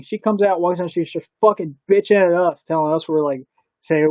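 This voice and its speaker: Man, podcast co-host, crude storyteller with a slightly high voice; dry, muffled stream audio. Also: fast, no room sound. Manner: laid-back, profane, animated storytelling with sound effects. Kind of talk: casual crude chat.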